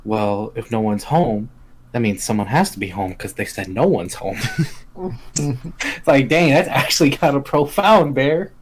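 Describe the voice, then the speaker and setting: A man's voice: mid-range voice, expressive, measured pace, slight background noise, low-quality recording. A man co-hosting a podcast, chatting casually and animatedly acting out quoted lines. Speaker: podcast co-host. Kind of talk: casual chat.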